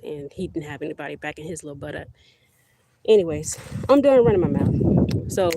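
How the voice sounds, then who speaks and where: A woman's voice: low voice, creaky, very noisy. A middle-aged woman hosting a casual livestream outdoors in her garden, rambling chattily to her viewers on a handheld phone. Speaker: livestream host. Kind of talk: casual live-stream chat. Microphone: phone held close.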